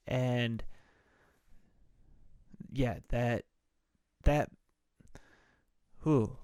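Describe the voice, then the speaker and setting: A man hosts a casual movie podcast and rambles loosely through the plot, swearing freely as he goes. He talks slowly in a clean, clear voice. The sound is dry and close, with no room around it. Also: fairly high pitch, no echo. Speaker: podcast host.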